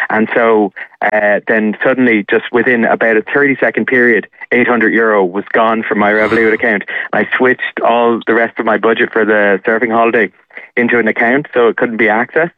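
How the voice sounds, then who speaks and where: A man's voice: on the low side, level tone, brisk, no room sound. A man tells his story at length, wandering and filling gaps with uh. His voice comes through a narrow, tinny phone line. The sound is dry, with no room around it. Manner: rambling, frequent uh fillers. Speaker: caller sharing a scam story.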